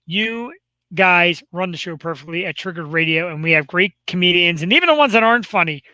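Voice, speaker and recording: A man co-hosting a live talk show, chatting casually and jokingly with bursts of excitement. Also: sits high, brisk, clear, resonant tone, no echo, low-quality recording. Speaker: co-host. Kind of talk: casual chat.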